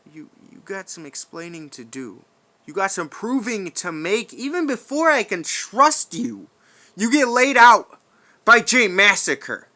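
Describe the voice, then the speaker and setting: A man cutting an in-character wrestling promo, taunting his rival with profane trash talk, swinging from shouts to hushed whispers. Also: fairly high pitch.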